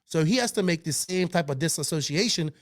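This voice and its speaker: A man co-hosting a podcast, talking in an animated, defensive way, with frequent swearing and restarts. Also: fairly high pitch, brisk. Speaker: podcast co-host. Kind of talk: heated casual podcast chat.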